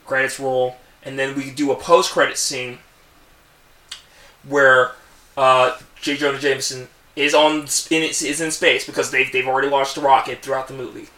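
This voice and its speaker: A man's voice: medium pitch, flat delivery, normal speed, sharp tone, roomy sound, far from the mic, low-quality recording. A man co-hosting a casual podcast, retelling a movie idea in a rambling way with many restarts. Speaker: podcast co-host.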